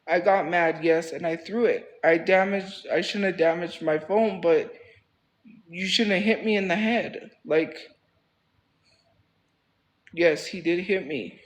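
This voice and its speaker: A man with a notably high-pitched voice, talking casually on a livestream. He rambles and circles back, repeating phrases for emphasis. His tone stays heated and defensive. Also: takes it slowly, long pauses, rough recording.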